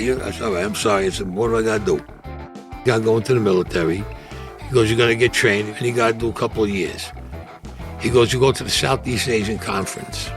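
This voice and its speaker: Older man, brooklyn accent, low-pitched, blunt and profane storytelling, faint music underneath. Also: brisk. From Brooklyn, New York. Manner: blunt, profane, acts out quoted voices. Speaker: interviewee recounting his life. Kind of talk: recorded interview storytelling.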